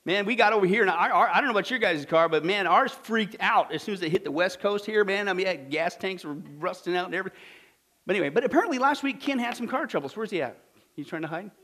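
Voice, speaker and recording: A man preaching a sermon to a congregation, telling a joke story and then teaching with lively, punchy exclamations. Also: high voice, quick pace. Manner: animated, jokey, punchy exclamations. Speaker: pastor.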